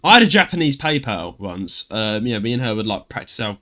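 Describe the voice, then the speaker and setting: Cockney man, podcast co-host, bright tense voice, animated storyteller. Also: lowish voice, fairly quick. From London, England. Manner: animated storytelling, loud acted outbursts. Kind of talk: casual podcast chat.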